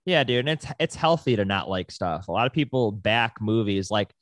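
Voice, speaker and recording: A man's voice: lowish voice, animated, moderate pace, no echo, clean studio sound. A man hosting a podcast in a casual chat, laid-back and swearing casually.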